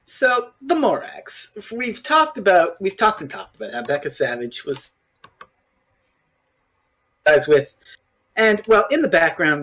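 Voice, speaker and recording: Husky, animated podcast guest. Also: mid-range voice. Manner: animated, blunt, swears casually. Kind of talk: casual review chat.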